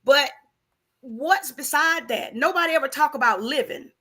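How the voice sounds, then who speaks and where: Woman with a high bright voice, preachy and emphatic, keeps asking you know what im saying. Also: moderate pace. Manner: emphatic, preachy, repeats rhetorical questions. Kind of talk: casual faith-based conversation.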